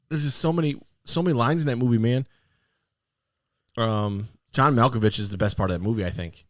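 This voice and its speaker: A man co-hosting a casual podcast chat, rambling with lots of fillers and sudden excited outbursts. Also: mid-range voice, fairly quick, no echo, studio quality. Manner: animated, excitable bursts between rambling fillers. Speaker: podcast co-host.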